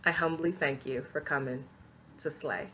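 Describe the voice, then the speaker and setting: A woman vlogger hosting her own channel, telling a personal story to camera in a casual, expressive way, laughing often and acting out what people said. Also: sits low, normal speed, a little hiss or hum.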